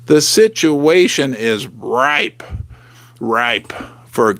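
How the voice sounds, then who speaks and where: A middle-aged man hosting a live stream from his basement, talking straight to viewers in an animated, emphatic way. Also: mid-range voice, extremely slow, no echo. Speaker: livestream host. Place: home basement.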